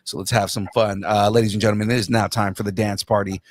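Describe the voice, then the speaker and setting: A young man hosting a casual podcast, rambling through a story with laughs and a loud sign-off. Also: on the low side, flat delivery, quick pace, dry recording, studio quality. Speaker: podcast host.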